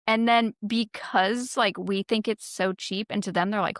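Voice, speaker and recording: A woman's voice: medium pitch, moderate pace, hardly any pauses, no room sound, clean studio sound. A woman co-hosting a podcast, telling stories in casual chat with lots of swearing and acted-out quotes. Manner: profane, animated storyteller acting out quotes. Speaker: podcast co-host.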